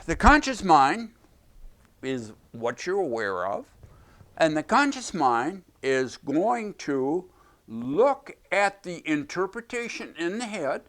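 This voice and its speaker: A man's voice: fairly high pitch, very animated, slow pace, pauses often, fairly bright tone. A man teaching in an explanatory video lecture, speaking emphatically and repeating his key phrases. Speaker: self-help teacher.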